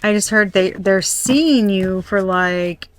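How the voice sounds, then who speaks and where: A woman's voice: medium pitch, slow pace. A young adult woman doing a casual tarot reading, chatty and blunt, swearing and laughing often. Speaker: tarot reader.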